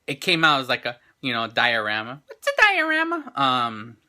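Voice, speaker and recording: Bright-voiced rambling man hosting a vlog. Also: medium pitch, huge pitch swings, moderate pace. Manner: rambling and enthusiastic, many restarts and fillers. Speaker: show host. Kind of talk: casual chat. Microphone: handheld camera.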